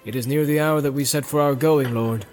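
A man's voice: medium pitch, steady tone, brisk, a little mellow, soft background music, lightly acted. A dutiful male warrior captain who speaks to his lord respectfully and plainly, as a male narrator puts him on. This is an audiobook voice.

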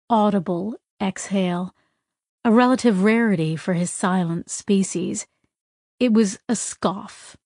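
A woman narrating a story in a measured, even way. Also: medium pitch, no echo, clean studio sound. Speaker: audiobook narrator. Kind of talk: scripted narration.

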